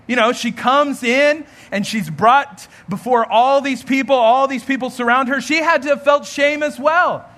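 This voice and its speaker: A man's voice: extremely high pitch, moderate pace, sharp tone. A man, a pastor, giving an earnest storytelling sermon and acting out the voices in the story.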